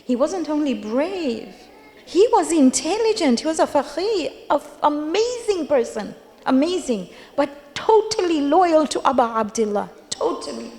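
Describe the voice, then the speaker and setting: Woman preaching at a majlis, highish voice, hammering her points with repeats, long echoey hall sound. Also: very animated, unhurried, warm tone. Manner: emphatic, repeats key phrases. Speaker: majlis speaker. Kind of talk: religious lecture with storytelling.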